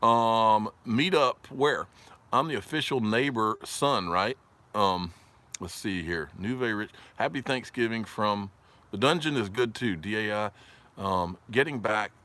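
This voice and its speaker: Chatty Southern man, bright forceful voice. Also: lowish voice, a little slow. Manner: rambling and jokey, laughs often, reads viewer comments aloud. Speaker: livestream host. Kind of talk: casual livestream chat.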